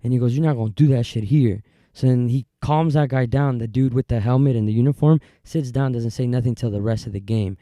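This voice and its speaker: A man's voice: medium pitch, brisk, few pauses, warm tone, no room sound. A man hosting a solo podcast, telling a story casually, with rambling asides and many fillers and restarts. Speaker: podcast host.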